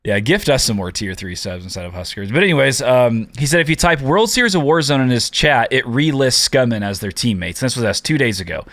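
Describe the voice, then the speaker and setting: Laid-back podcast co-host, low dry voice. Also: male voice, animated, fairly quick, few pauses, a bit bright, no echo. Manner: laid-back storyteller who acts out quotes. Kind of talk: casual podcast chat.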